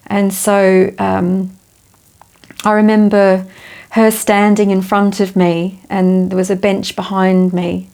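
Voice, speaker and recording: Emotional woman with a gravelly voice. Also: mid-range voice, flat delivery, dark tone. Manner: halting, with many restarts and fillers. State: emotional, close to tears. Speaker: interviewee sharing a testimony. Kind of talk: personal testimony in conversation.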